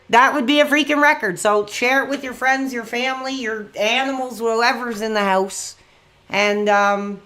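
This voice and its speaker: A man hosting a call-in livestream, talking in an excitable way, repeating himself and swapping in mild stand-in swears. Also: very high-pitched. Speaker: livestream host taking calls. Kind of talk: hyped call-in livestream chat.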